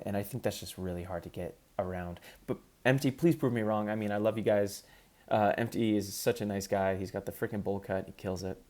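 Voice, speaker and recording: A man's voice: lowish voice, darkish tone. A man in casual commentary, ranking competitive gamers in an upbeat, chatty way with frequent ums.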